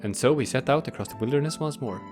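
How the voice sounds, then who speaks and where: A man's voice: medium pitch, quick pace, music in the background, lightly acted. A man reading a visual-novel protagonist's lines in an earnest, storybook way, close to his own voice.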